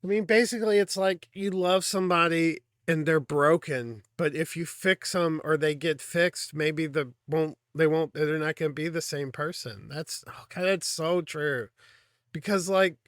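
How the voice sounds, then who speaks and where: A man hosting a music reaction video, talking in an earnest, halting, reflective way, full of fillers and clearly emotional. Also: fairly high pitch, a bit bright, no echo, studio quality. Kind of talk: casual reaction commentary.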